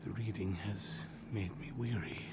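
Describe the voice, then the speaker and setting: An actor playing an old male scholar priest in a video game, speaking in a measured, formal and grave way. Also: lowish voice, fairly even intonation, natural voice. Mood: solemn. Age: older. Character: old male scholar priest reading ancient scroll, solemn. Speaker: game character. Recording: game audio over loud noise.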